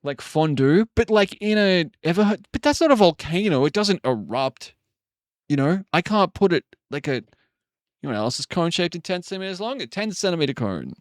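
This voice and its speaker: A man's voice: high voice, big pitch swings, normal speed, no room sound. Rambling jokey male streamer, dry sound. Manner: rambling, jokey, swears often. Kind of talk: casual live-stream chat.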